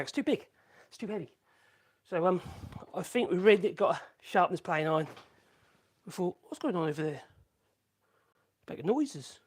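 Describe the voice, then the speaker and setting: A man hosting a woodworking livestream, chatting casually and thinking aloud while he works. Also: sits high. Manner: chatty, thinks aloud and hums tunelessly to himself. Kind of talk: casual live-stream chat while working.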